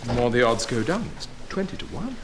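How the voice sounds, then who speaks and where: Actor doing a chatty lawyer, wry, lively pitch, hissy track. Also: male voice, a little fast, natural voice. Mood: hurried. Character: jovial betting barrister man, wry. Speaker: barrister. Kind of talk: TV drama acting. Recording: background hiss.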